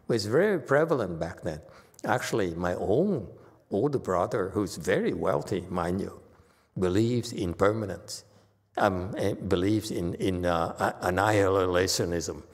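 A man's voice: on the low side, long reverb tail. A man giving a casual Buddhist dharma lecture, joking and teasing his listeners between points. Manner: joking, teasing the audience, chuckling.

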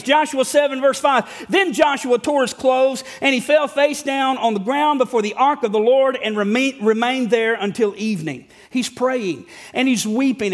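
A middle-aged man with a very high-pitched voice preaches to his congregation in a church. His delivery is folksy and joking, and he bursts into shouts to drive a point home. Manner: folksy and humorous, rising to shouts for emphasis. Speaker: pastor. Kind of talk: sermon. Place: church sanctuary before a congregation.

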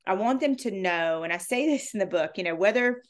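A woman's voice: medium pitch, expressive, a little fast. A woman author guest, talking with earnest emotion about faith and loss, often repeating words as she is moved. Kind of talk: heartfelt faith conversation.

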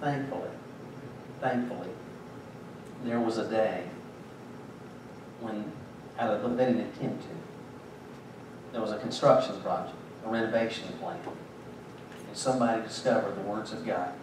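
A pastor preaches to his congregation, telling stories and joking dryly between points. His voice booms around a very echoey sanctuary, picked up from a distance with steady background noise. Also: moderate pace, pauses often. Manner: conversational, joking storytelling preacher. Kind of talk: sermon. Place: church sanctuary.

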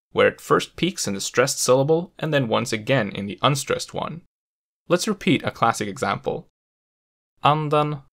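A man hosting a language education video, giving a clear, methodical scripted explanation with touches of dry humor. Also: mid-range voice, fairly bright tone. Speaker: host of a language education channel.

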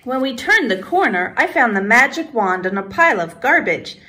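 A woman art teacher reading a children's storybook aloud in an expressive, unhurried storytelling manner. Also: mid-range voice.

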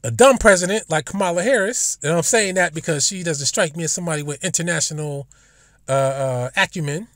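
A man talks in a rambling, profane monologue. His voice sits a bit high, and he often slips into acted-out lines of imagined dialogue. The sound is dry and close, as if from a phone in an online audio room. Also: fairly quick, a bit bright, no echo. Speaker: live audio room speaker. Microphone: phone or headset in an online audio room.

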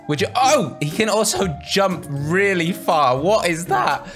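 Excitable man with lively pitch. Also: measured pace, hardly any pauses. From Wales. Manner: excitable, laughing, talking to the game characters. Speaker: gaming YouTuber. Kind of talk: casual game commentary. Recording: game music behind.

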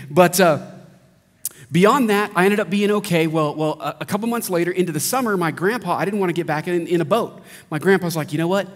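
A man in his thirties preaching a sermon, telling funny stories in a lively, animated way. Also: on the high side. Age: 30s. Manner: lively joking storyteller, animated. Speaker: pastor. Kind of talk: sermon with humorous storytelling. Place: large church hall. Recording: long hall reverb.

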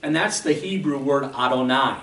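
In a church sanctuary, a pastor preaches a sermon in a medium-pitched, slightly bright voice at a moderate pace. He explains things patiently like a teacher, often checking in with "okay?", though the recording is rough, echoey, and taken from a distant mic.

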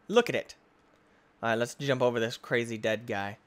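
A man giving excitable, goofy let's-play game commentary, often yelling and shrieking. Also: mid-range voice, normal speed. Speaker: gaming YouTuber.

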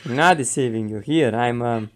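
A man's voice: mid-range voice, moderate pace, faint music behind, close to an everyday voice. A man voicing a cocky zombie piloting a battle mech, smug and teasing, in a fan voice-over of gameplay.

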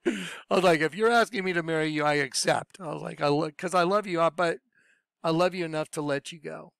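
A man's voice: normal speed, vocal fry, clear, resonant tone, no room sound. A middle-aged man preaching and telling a personal testimony in an earnest, conversational way. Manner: earnest, conversational, drops to soft low voice when recalling.

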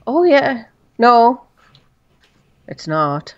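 A woman co-playing a video game, making dry, low-key remarks and muttering to herself. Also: very animated, very slow, dry recording, dull audio. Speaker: co-player. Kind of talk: casual gameplay chat.

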